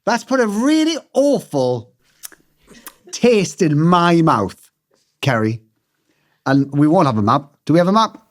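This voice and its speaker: Podcast guy ribbing his co-host, slightly high voice, really lively ups and downs. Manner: teasing, quick jokes and running gags. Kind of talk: casual chat.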